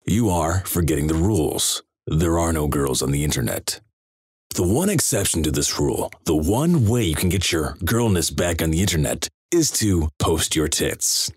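A man reading crude internet stories aloud in a deadpan way. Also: deep voice, normal speed, husky, no room sound, clean studio sound. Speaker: narrator.

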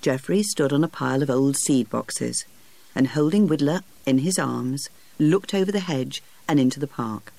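An animated storybook reading with lots of rise and fall in the voice. It is recorded dry and close, with no room sound. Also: medium pitch, normal speed, vocal fry, dry recording. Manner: lively, expressive reading. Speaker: narrator. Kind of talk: storybook narration.

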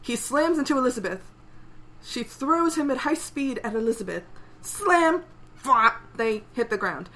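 A woman's voice: on the high side, expressive, normal speed. A young woman co-hosting a podcast, playfully recapping a manga scene and voicing its sound effects. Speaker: podcast co-host. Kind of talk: casual manga recap chat.

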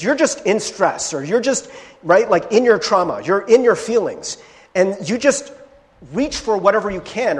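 A man preaching a sermon as pastor, conversational and animated, with frequent "right?" asides and restarts, in a church sanctuary. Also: sits high. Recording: long hall reverb from a church sanctuary.

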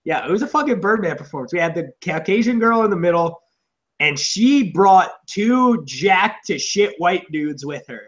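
A man co-hosting a podcast, chatting casually in a rambling, profane way and acting out loud shouted quotes. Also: sits high, lively intonation, normal speed, highs cut off. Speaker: podcast co-host. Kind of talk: casual comedic chat. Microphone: on camera, seated.

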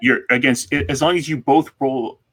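A man runs a tabletop game in a mid-pitched, ordinary voice. He sounds relaxed and amused, with hesitant pauses. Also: breathy edge. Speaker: game master.

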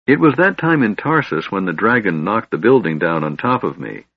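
A man's voice: fairly low pitch, lively intonation, moderate pace, husky, no echo. A man voicing a cheerful, curious small male kender with a light, guileless, chatty voice. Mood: chirpy. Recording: slightly dull, dry recording.

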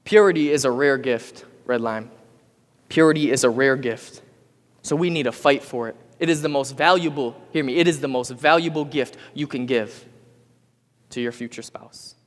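A man's voice: medium pitch, normal speed. A man giving a youth sermon, urging the audience to respond and repeat after him. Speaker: youth pastor. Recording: long hall reverb.

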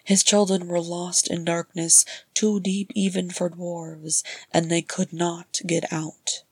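Woman audiobook narrator, lowish breathy voice, measured reading. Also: little pitch movement, a little mellow, dry recording. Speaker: audiobook reader. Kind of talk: scripted narration.

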